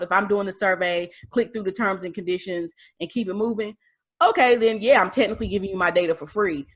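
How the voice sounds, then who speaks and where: A woman, co-hosting a podcast in casual chat, blunt and animated, swearing freely. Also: medium pitch. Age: late 30s. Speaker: podcast co-host.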